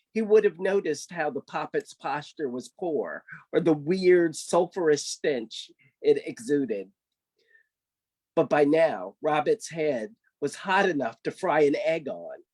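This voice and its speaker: A man's voice: fairly high pitch, a little mellow. A man reading his own folk-tale story aloud, narrating animatedly.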